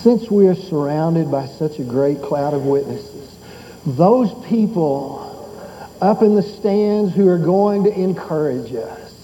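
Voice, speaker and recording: A man's voice: fairly high pitch, lively intonation, takes it slowly, warm tone, highs cut off, slight background noise. An older man preaching a sermon as pastor. He tells folksy stories and builds to fervent exhortation.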